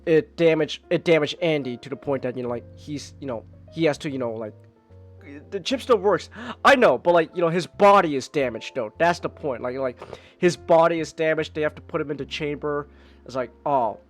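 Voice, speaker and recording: A man's voice: on the high side, a little fast, soft background music. A man hosting a live podcast, chatting casually about a movie he liked, rambling with many restarts and fillers. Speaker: podcast host. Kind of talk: casual movie review chat.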